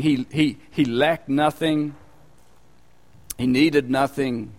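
A male preacher giving a conversational, animated sermon with acted asides. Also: medium pitch, big-room sound.

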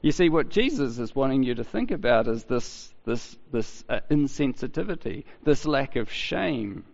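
A man preaching a sermon in a chatty, halting way, often restarting his sentences. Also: mid-range voice, sing-song, vocal fry. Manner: conversational, halting with many restarts. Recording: dull sound with long hall reverb.

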